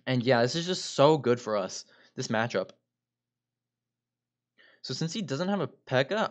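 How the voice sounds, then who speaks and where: A man narrates his gameplay in an upbeat play-by-play style, calling out each move as he makes it and regularly speaking straight to his viewers. His voice sits at an ordinary middle pitch for a man. The recording sounds a little dull and lo-fi. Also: a bit bright. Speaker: gaming video creator. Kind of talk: gameplay commentary.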